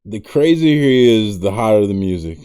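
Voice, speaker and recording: Low, mellow-voiced male co-host. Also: animated, normal speed, smooth. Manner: dry, short wisecracks. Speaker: podcast co-host. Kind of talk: casual profane banter.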